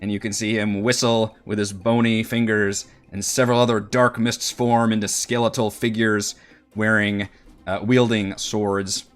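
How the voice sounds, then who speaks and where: A man narrating as dungeon master in an online tabletop game, relaxed, with many fillers. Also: lowish voice, normal speed.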